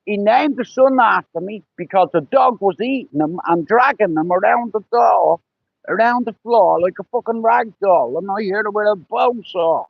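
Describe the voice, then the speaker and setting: Gravelly high-voiced man. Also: expressive, normal speed, no room sound, dull audio. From Ireland. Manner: rambling, profane, lots of "you know". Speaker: livestreamer. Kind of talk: casual storytelling on a livestream.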